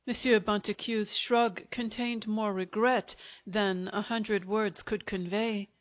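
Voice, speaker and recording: The sound is dull and lo-fi as a woman narrates a short story from a script. She's an audiobook narrator whose mid-range voice keeps the telling measured and level.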